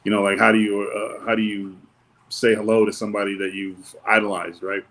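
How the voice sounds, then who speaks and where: A man's voice: fairly low pitch, flat delivery, fairly quick, fairly bright tone. A man telling stories in a casual interview, loose and rambling, acting out the people he quotes. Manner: loose, rambling, with many fillers and restarts. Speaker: wrestling guest.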